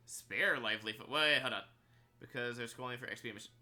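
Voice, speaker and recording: A man's voice: medium pitch, brisk, bright, forceful tone, faint music behind. A man streaming a video game, chatting casually with viewers in a rambling way, full of fillers and frequent laughs. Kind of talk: casual live-stream chat while gaming.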